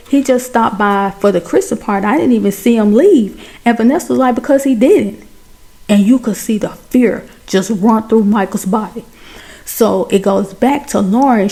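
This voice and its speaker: A woman recaps a film in a chatty, animated way, speaking straight to her viewers. Her voice is dark and mellow, with a gravelly fry running through it. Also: medium pitch. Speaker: movie recap host. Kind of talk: casual movie recap.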